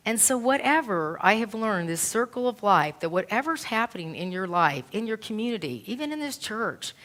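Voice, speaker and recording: A woman's voice: medium pitch, big pitch swings, normal speed, a bit bright. A woman minister giving a sermon in a church, retelling a story with earnest, emotional storytelling.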